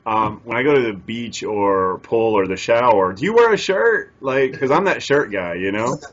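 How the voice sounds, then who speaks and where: A man's voice: mid-range voice, animated, normal speed, fairly bright tone, highs cut off. A man hosting a podcast interview, eager and rambling, restarting his sentences often. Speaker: podcast host. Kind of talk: casual interview chat.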